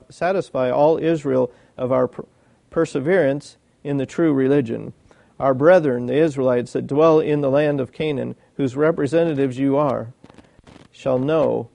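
A man's voice: mid-range voice, gravelly, dark tone, no room sound. A man preaching a sermon, reading old commentary aloud and breaking off to ask his listeners questions.

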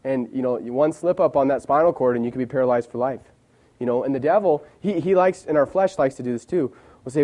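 Earnest young man preaching, mellow voice. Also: mid-range voice. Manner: halting, repeats words, earnest and confessional. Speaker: lay preacher. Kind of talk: informal sermon with personal story.

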